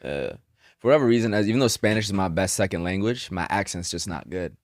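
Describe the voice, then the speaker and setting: Male podcast host, low-ish voice, casual slangy banter, dry close mic. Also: lively intonation, dry recording. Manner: laid-back slangy banter, quick laughs. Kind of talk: casual chat.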